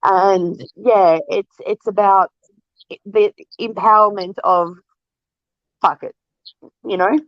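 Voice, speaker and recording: A woman's voice: medium pitch, fairly even intonation, slow, long pauses, no room sound, dull audio. Candid laughing Australian woman. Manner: candid, laughs often, swears freely. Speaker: guest. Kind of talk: casual interview chat.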